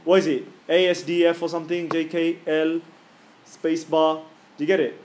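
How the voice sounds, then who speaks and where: A man teaching a tajweed class in a casual, joking way, stretching out sounds slowly and loudly to demonstrate them. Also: fairly high pitch, little pitch movement, a little hiss or hum.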